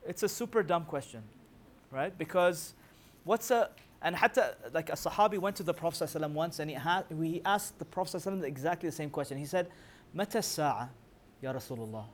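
A man teaching a Quran commentary class, quizzing his listeners with rhetorical questions and reciting verses in a quick chant. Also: fairly high pitch, slight background noise. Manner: recites scripture in rapid chanting. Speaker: religious teacher.

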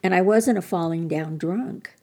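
Older woman guest, heavy vocal fry, low voice, candid self-deprecating storyteller. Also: normal speed, darkish tone. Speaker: podcast guest. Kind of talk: personal recovery story.

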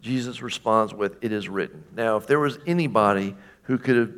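A man's voice: on the low side, a little fast, fairly bright tone. A man preaching a sermon in a conversational tone, often checking in with the congregation and sometimes mimicking voices. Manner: mimics a taunting voice for quoted questions. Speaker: pastor.

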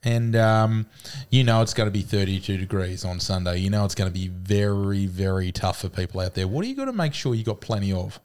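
A man's voice: on the low side, animated, fairly quick, a little mellow, clean tone. A man with an Australian accent co-hosting a sports podcast, rambling with many fillers and restarts while getting over a cough. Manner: rambling, repeats words, lots of fillers. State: coughing, has a cold. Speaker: podcast co-host. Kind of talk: casual sports banter.

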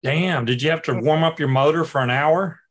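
A man's voice: on the high side, brisk. Laid-back, blunt man. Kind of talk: casual chat.

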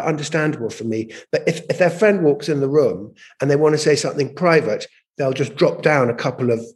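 A man speaking as a guest in a conversational interview, telling stories animatedly, often repeating and restarting words as he thinks. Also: mid-range voice. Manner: animated storytelling, frequent repetitions and restarts. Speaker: guest, language campaigner.

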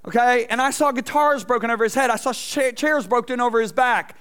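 A middle-aged man preaching an energetic sermon to a congregation, telling stories with acted-out voices and swinging between loud and soft. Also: extremely high pitch, a little fast, clean tone. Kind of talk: energetic sermon with stage demonstration. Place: church stage before a congregation.

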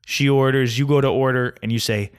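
A man's voice: medium pitch, fairly even intonation, brisk, clean tone. A young man ranting in a casual comedic monologue, grumpy and mocking. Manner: grumpy, ranting, mocks mispronunciations.

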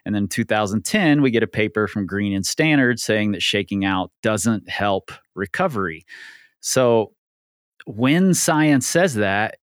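A man's voice: fairly low pitch, animated, unhurried, no echo, studio quality. A man hosting a podcast, explaining things earnestly with frequent ums and easy laughs. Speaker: podcast host. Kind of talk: casual podcast discussion.

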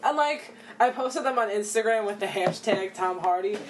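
A woman telling a story in casual chat with friends, animated and laughing often. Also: medium pitch, normal speed, slight background noise.

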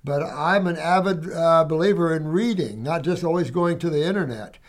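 A man's voice: on the high side, normal speed. A man hosting a health show, speaking in a folksy, emphatic way and calling listeners "honey" and "dear one". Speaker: health show host reading viewer letters. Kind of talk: casual monologue answering letters.

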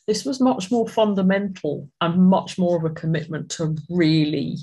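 At a support meeting, an adult with a mellow, medium-pitched voice talks through their own recovery. The telling is earnest and reflective, interrupted by halting restarts.

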